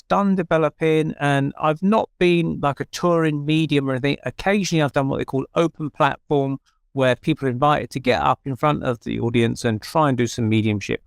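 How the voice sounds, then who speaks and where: A man's voice: a little high, gravelly, no echo, studio quality. A middle-aged man with an English accent, hosting a podcast and telling his own story in a chatty, self-deprecating way with many restarts. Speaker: podcast host. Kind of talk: conversational storytelling.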